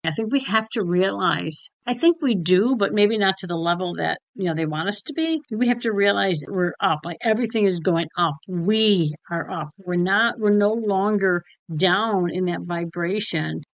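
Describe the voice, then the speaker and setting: A woman's voice: mid-range voice, normal speed, hardly any pauses, no room sound, highs cut off. A woman co-hosting a casual spiritual chat, frank and blunt, swearing freely and acting out conversations as she retells them. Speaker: co-host.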